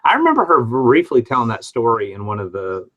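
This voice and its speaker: Here a man from the Midwest of the United States hosts an informal live stream, reading viewers' comments and telling meandering stories he keeps restarting. His medium-pitched voice is pushed, bright and brisk with huge pitch swings, and the highs are cut off.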